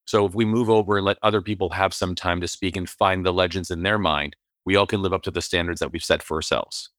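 A male interview host with a very low voice asks long, rambling questions. He hesitates and fills gaps with ums and restarts. The recording is close and dry. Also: steady tone, fast talker, fairly bright tone, no echo. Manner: rambling, hesitant, many fillers. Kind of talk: interview conversation.

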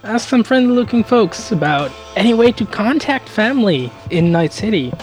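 Lively, giggly tabletop player. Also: medium pitch, normal speed, soft background music. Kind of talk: tabletop role-play chat.

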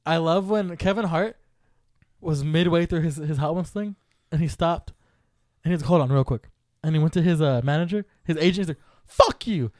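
A man's voice: on the high side, a little fast, dry recording, studio quality. A man co-hosting a casual podcast chat, retelling stories and acting out quotes. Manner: animated storyteller, acts out quotes. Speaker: podcast co-host.

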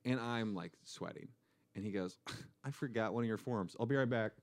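A young man co-hosting a podcast, telling a story in a deadpan way and acting out the dialogue. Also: fairly low pitch, normal speed. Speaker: co-host. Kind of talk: casual storytelling chat.

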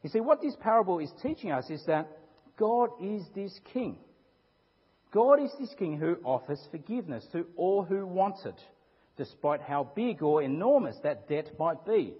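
A man preaching a sermon, telling a parable in an animated way and asking his listeners rhetorical questions. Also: fairly high pitch, normal speed, breathy edge. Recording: echoey hall, dull lo-fi sound.

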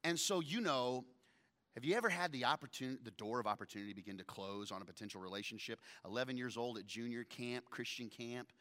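A man's voice: mid-range voice, brisk. A man in his thirties preaching a sermon, retelling a scripture story with humor and acting out the characters' lines. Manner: animated storyteller, acts out characters. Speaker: pastor.

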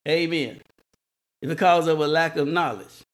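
A man delivers a sermon at a slow, deliberate pace. His voice sits a bit higher than most men's. He leans on repetition and restarts words for emphasis. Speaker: preacher.

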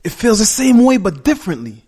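A man's voice: high-pitched, sing-song, a little fast, darkish tone, breathy edge. A middle-aged man telling a heartfelt personal story as a guest in a conversation, talking earnestly and often restarting and correcting himself.

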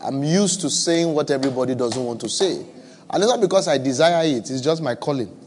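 A man's voice: mid-range voice, lively intonation, a little fast, a little mellow, husky. A man with a West African accent preaching a sermon to a church audience, conversational and humorous, repeating his phrases for emphasis. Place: church with live and online audience.

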